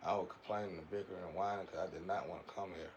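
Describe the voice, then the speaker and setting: Guy w a lowish voice rambling preachy spiritual stuff, repeats himself a lot, faint noise in the back. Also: fairly even intonation, rapid-fire, highs cut off. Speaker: speaker giving a monologue. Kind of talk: casual spiritual monologue.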